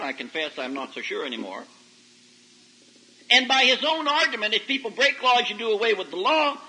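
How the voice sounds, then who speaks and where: On an old, low-quality 1990s radio broadcast recording, a high-pitched man preaches a folksy sermon to a youth service at a camp meeting. His storytelling is animated, with sudden loud, emphatic rises.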